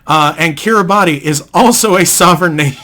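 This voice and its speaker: A man's voice: a little high, bright, forceful tone. A young man from New hosting a podcast, explaining things patiently in casual chat. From New England, United States. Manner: explains patiently, with many fillers and restarts. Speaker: podcast host.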